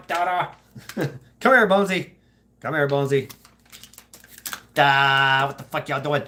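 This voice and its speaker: A man hosts a casual live stream and chats loosely with his viewers. He swears freely, laughs often and trips over his own sentences as he rambles on, his voice sitting at an ordinary middle pitch. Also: a bit bright. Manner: profane, laughing, rambling with many restarts. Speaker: streamer host.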